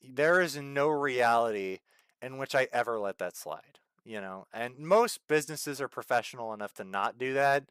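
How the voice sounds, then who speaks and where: A man with a hoarse voice chatting casually while streaming a game, ranting in exasperation and swinging between loud outbursts and low mutters into a desk mic. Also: expressive, moderate pace, no echo, clean studio sound. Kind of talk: casual gameplay stream chat.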